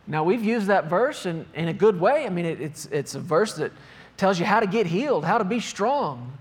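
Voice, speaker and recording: A man's voice: high voice, animated, moderate pace, husky. A man preaching a sermon, reading scripture aloud and driving points home with emphatic repetition. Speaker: pastor.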